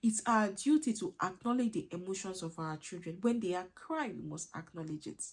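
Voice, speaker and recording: A woman's voice: lowish voice, fairly quick. A woman giving earnest parenting advice as a coach, emphatic, repetitive and a little preachy.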